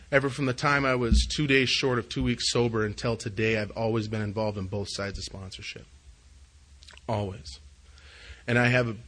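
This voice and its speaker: A middle-aged man giving an earnest, confessional personal testimony at a recovery meeting, swinging between hushed and loud moments. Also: mid-range voice, low-quality recording.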